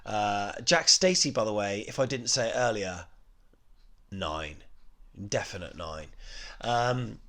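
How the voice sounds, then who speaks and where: A man's voice: fairly low pitch, lively intonation, takes it slowly, long pauses, pushed and bright. Rambling man giving football ratings. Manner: rambling, many ums and you-knows, self-correcting. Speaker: football fan channel host. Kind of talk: casual match review and player ratings.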